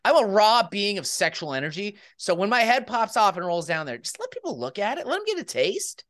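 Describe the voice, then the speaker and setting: A woman's voice: mid-range voice, very animated, brisk. A woman co-hosting a podcast, casual comedic banter, giggly, profane and playful. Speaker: podcast co-host.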